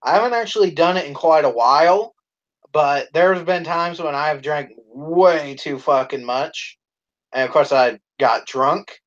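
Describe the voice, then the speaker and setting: A man co-hosting a live stream, telling a profane, animated story in casual chat. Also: on the high side, a little slow, lo-fi sound.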